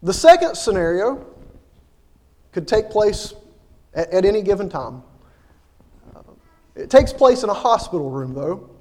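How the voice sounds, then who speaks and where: Hesitant preacher with a high voice. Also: male voice, big pitch swings, dark tone, long reverb tail. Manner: halting, many fillers and repeated words. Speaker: minister. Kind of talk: sermon.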